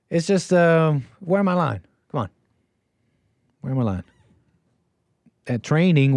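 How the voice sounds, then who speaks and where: A man's voice: a little high, a little mellow, no room sound. A man livestreaming, rambling casually with many repeats and restarts. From Canada. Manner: meandering, repeats words and restarts.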